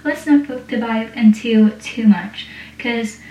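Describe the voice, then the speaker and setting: A teasing, wry teenage girl, voiced by a woman recapping a show. The voice is slightly high. It sounds distant in an echoey room. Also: slow pace, mellow.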